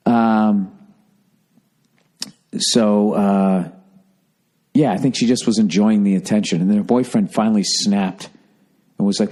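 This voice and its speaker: A man with a Boston accent tells a long story in a loose, profane, sarcastic way, like casual podcast banter. His voice sits low and dark, with a relaxed, mellow tone. He rambles and doubles back as he talks. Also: unhurried, long pauses. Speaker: podcast host.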